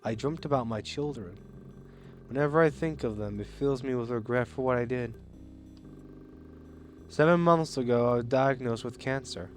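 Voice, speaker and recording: A man voicing a frail elderly woman prisoner who talks softly and regretfully in a game. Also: mid-range voice, normal speed, long pauses, faint music behind, natural voice. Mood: wistful. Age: older.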